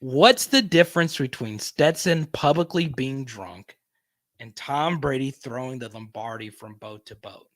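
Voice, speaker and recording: A man's voice: medium pitch, measured pace, a bit bright, no room sound. A man hosting a casual live stream, chatting and reading viewer comments aloud.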